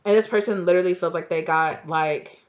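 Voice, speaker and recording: A woman's voice: on the low side, fairly quick, highs cut off. A woman giving a casual tarot reading, chatty and full of fillers, laughing now and then. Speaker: tarot reader.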